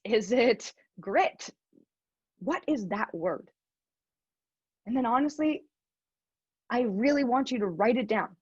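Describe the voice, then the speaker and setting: A young woman speaks in an earnest, animated way, telling her story as a motivational talk. Her voice sits a little high and has a husky edge. The sound is dry and dull, like a lo-fi recording. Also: no room sound.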